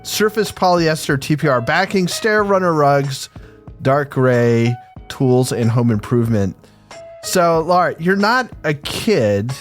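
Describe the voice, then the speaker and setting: A man's voice: on the high side, lively intonation, slow, faint music behind. Dry, wry-humored man on a podcast. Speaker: podcast regular, gives recommendations. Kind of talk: casual chat.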